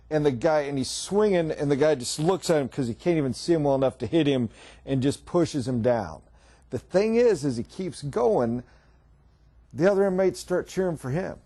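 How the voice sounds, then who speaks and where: A man's voice: on the high side, mellow. A middle-aged man giving a sales training talk to a group around a table, emphatic and folksy as he tells stories. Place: meeting room around a table.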